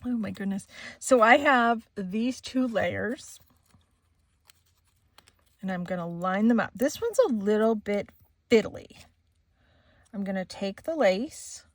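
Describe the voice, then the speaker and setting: A middle-aged woman talks at an unhurried, easygoing pace from her craft table at home. Her voice sits at an ordinary middle pitch. She's a chatty storyteller who breaks into laughter easily while she demonstrates her crafts. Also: animated, no echo. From Maine, USA. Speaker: crafting channel host.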